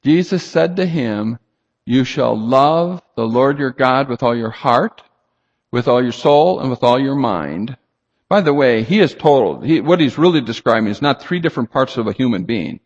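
A man's voice: mid-range voice, lively intonation, moderate pace, dull audio. A man preaching a sermon, emphatic and rhetorical, reading scripture aloud and asking the congregation questions. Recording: long hall reverb.

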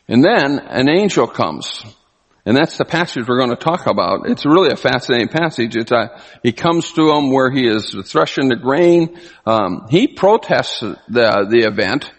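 Lively preacher in a reverberant hall. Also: male voice, medium pitch, moderate pace. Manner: animated, acts out quoted voices. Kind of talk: sermon.

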